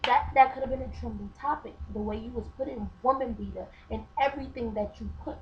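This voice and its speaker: A woman's voice: fairly high pitch, fast. A woman chatting in a casual vlog, telling a story with mocking asides. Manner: storytelling, mocking, acts out quotes. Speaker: vlogger. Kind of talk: casual opinion chat. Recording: dull lo-fi webcam sound with faint hiss.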